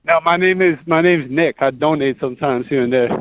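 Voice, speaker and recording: Brief: male caller, relaxed jokey chat, slightly high voice, dry sound. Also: fairly quick, no echo, narrow, tinny audio. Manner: laid-back, joking. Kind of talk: casual chat.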